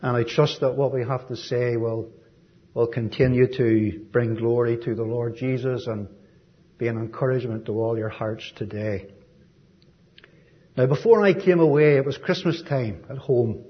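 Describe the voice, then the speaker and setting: An Irish man giving a sermon as a visiting preacher, gentle and folksy, with frequent ums and asides. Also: medium pitch, normal speed, lo-fi sound. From Ireland.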